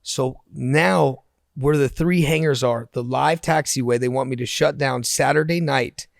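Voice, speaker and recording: Gravelly-voiced man telling a story. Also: medium pitch, measured pace, no echo, clean studio sound. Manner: animated, repeats words while recalling. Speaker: interview guest, entrepreneur. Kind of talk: casual storytelling. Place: podcast studio. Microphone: studio podcast microphone.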